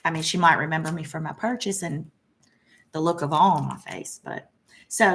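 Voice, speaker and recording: Woman host, middle-aged, chatty and gushing with lots of fillers, lowish voice. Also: normal speed, fairly bright tone. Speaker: flosstube host. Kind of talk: casual chat showing cross-stitch purchases.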